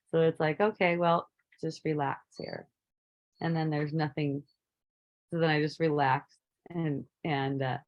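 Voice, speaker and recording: Woman telling a story casually, lowish voice. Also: lo-fi sound. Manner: laughs often, relaxed and rambling. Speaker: spiritual teacher.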